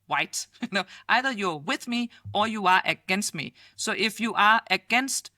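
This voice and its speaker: A middle-aged woman with a Danish accent, a futurist guest in a casual interview, talking lively, laughing often and acting out quoted voices. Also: medium pitch, moderate pace, dry recording, clean studio sound. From Denmark.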